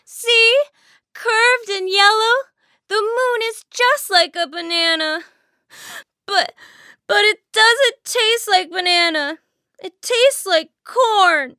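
Whiny childish cartoon mom. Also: female voice, very high-pitched, takes it slowly, pushed and bright, no room sound, studio quality, exaggerated voice. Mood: sobbing. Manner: pleading and whining like a child. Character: whiny, childish, stubborn young mother.

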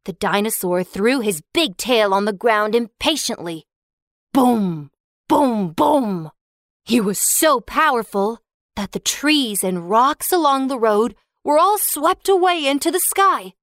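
A woman narrating a children's storybook in an expressive, slow storytelling manner. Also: fairly high pitch, no echo, studio quality. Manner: expressive, slow, sing-song.

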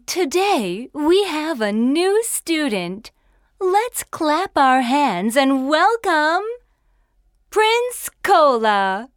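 A gentle cartoon teacher. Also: female voice, high voice, big pitch swings, drawn-out words, dry recording, studio quality, exaggerated voice. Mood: reassuring. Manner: gentle, reassuring. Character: kind female schoolteacher, patient. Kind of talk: cartoon voice acting.

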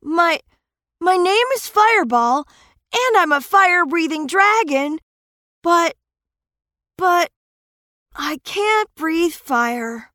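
A woman's voice: very high-pitched, expressive, takes it slowly, pauses often, pushed and bright, dry recording, studio quality, exaggerated voice. A woman voicing a timid young male dragon who cannot breathe fire, stammering and hesitant in a children's storybook. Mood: unsure.

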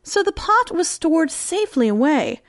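A woman tells a fairy tale in a high, lilting voice that moves lively up and down. Her storytelling is expressive and sing-song, and the recording is close and dry. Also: moderate pace, no room sound. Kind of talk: scripted fairy-tale narration.

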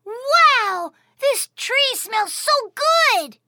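A woman doing an eager, squeaky little boy. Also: big pitch swings, very slow, pushed and bright, no echo, clean studio sound, exaggerated voice. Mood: excited. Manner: eager, exclamatory. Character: brave, greedy little boy, cheerful. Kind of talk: children's audio story acting.

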